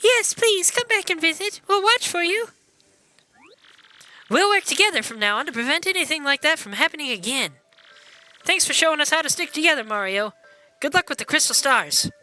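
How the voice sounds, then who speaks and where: A man's voice: extremely high pitch, lively intonation, moderate pace, sharp tone, faint music behind, pitched above the performer's own voice, exaggerated voice, poor audio. A man voicing a small, eager, upbeat creature from a video game. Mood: thankful.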